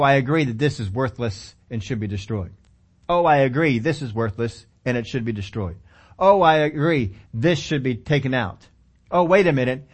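A man's voice: mid-range voice, pitched below the performer's own voice, lightly acted. A man voicing a stubborn, self-justifying person who talks himself out of agreeing. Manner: musing, talking to himself.

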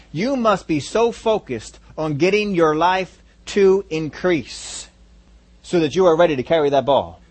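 A man preaching a sermon, animated, repeating phrases for emphasis and acting out a crowd's reactions. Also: fairly high pitch. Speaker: pastor.

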